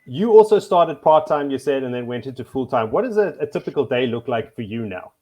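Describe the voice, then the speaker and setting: A man's voice: medium pitch, lively intonation, fairly quick, dark tone. A man in the host seat of a live-streamed interview, heard over a video call. He talks loosely and conversationally, with a few fillers as he moves between guests.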